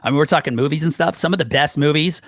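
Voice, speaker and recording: Animated talkative man, high voice. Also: fast, no echo, studio quality. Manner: animated, many fillers and restarts. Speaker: co-host. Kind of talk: casual podcast chat.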